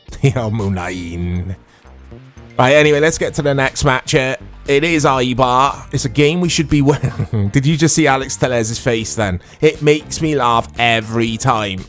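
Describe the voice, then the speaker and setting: A man in his thirties casually commentating his own football video game, chatty and quick to get excited. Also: medium pitch. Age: 30s. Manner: chatty, easily excitable, self-deprecating. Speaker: gaming YouTuber.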